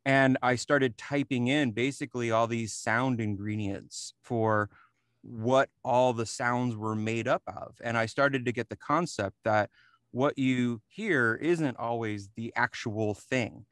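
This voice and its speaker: A man's voice: mid-range voice, slow pace, dry recording. A man from New Jersey, a re-recording mixer, talking casually in an interview with many fillers and restarts. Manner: relaxed, chuckles often, many fillers and restarts.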